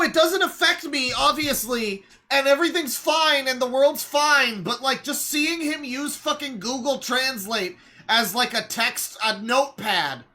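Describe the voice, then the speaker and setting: A young adult streamer delivers live reaction commentary as an exasperated rant, full of swearing and sudden shouted outbursts. The mid-range voice sounds bright and sharp.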